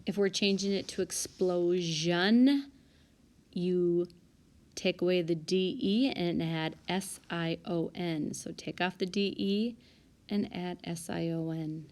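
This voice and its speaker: A woman teacher calmly and methodically working through a spelling list for small reading groups, correcting herself aloud now and then. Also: lowish voice, slow pace. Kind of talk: recorded spelling lesson walkthrough. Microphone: tablet microphone.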